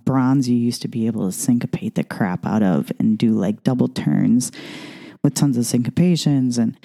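Woman dance coach, casual monologue, chatty and rambling, unhurried, very low voice. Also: gravelly, dark tone. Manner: chatty, rambling, name-dropping with asides.

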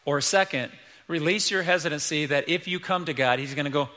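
Man, pastor, sermon, emphatic, fairly high voice, echoing church hall. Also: brisk, sharp tone. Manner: emphatic, repeats key lines, acts out quoted voices.

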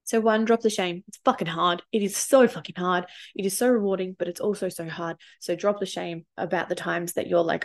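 A woman's voice: fairly low pitch, steady tone, a little fast, few pauses. A woman in her thirties, a parenting coach telling personal stories in a casual, candid way, swearing freely and getting emotional. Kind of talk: casual storytelling vlog.

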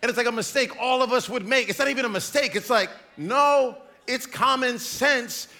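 A man preaching a sermon in a lively, joking storytelling manner. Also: very high-pitched, moderate pace. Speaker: pastor.

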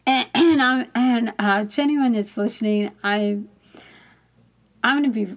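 A woman's voice: on the high side, measured pace. A woman co-hosting a casual faith talk show, telling a personal story in a candid, rambling way and laughing often.

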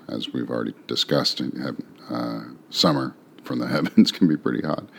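A man reading a sonnet aloud, then talking through its meaning in a relaxed, musing way with rhetorical questions. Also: a bass voice, moderate pace, creaky. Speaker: poetry reader and explainer. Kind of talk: poetry reading and casual commentary.

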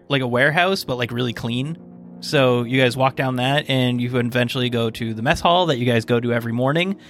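A man with a mid-range, fairly bright voice narrates as game master of a tabletop role-playing game, rambling along with plenty of fillers and restarts.

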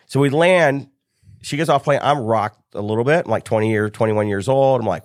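On a podcast, a middle-aged business coach from the US recounts a story in relaxed conversation, bringing its people to life by voicing their lines. His medium-pitched delivery runs a little fast, captured in a clean studio with no echo.

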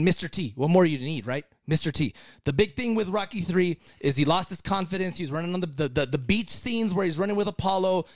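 Excitable high-voiced man, dry sound. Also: no echo. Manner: excited, rambling with many restarts and swearing. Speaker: podcast co-host. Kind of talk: casual podcast segment.

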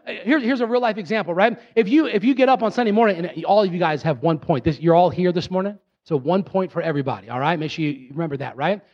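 High-voiced, emphatic man preaching. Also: quick pace, few pauses, muffled recording. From Pennsylvania. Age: 30s. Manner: emphatic, rising to high excited bursts, talks directly to the congregation. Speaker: pastor. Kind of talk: sermon.

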